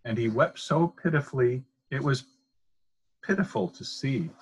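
Husky older man reading a storybook. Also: medium pitch, a little slow, low-quality recording. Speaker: grandfather reading aloud. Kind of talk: reading a picture book aloud.

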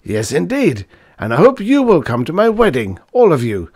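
A man voicing a hearty, testy elderly male professor who blusters and shouts in high spirits. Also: wildly swooping pitch, moderate pace, no echo, clean studio sound, exaggerated voice. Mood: boisterous.

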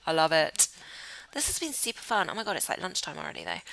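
A woman's voice: low-pitched, huge pitch swings, fast, gravelly, fairly bright tone, low-quality recording. A woman chatting casually over a life-simulation game, cooing affectionately at her characters. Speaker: gaming channel host. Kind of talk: casual gameplay commentary.

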